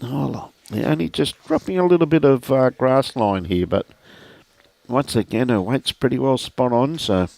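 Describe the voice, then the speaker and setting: An older Australian man doing relaxed, chatty live commentary on a lawn bowls match, greeting viewers by name. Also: medium pitch, normal speed, gravelly, dry recording. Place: outdoor bowls club.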